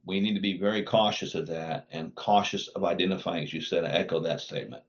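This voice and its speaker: A physician and wellness clinic founder appears as a podcast guest, laying out his points in firm, emphatic, teaching declarations. His voice sits low, and he talks fast with hardly any pauses. The highs are cut off, with slight background noise.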